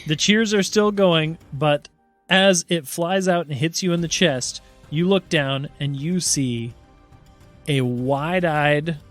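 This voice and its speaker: A man's voice: a little high, takes it slowly, a bit bright, faint music behind. A man running a tabletop game as game master, narrating playfully and laughing easily.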